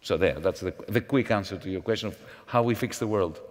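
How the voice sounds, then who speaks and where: A man speaking as a panel guest at a conference, in a measured, professorial manner with false starts. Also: on the low side. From Greece. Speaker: panel guest, former finance minister. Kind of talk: onstage panel conversation. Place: large conference hall. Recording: long hall reverb.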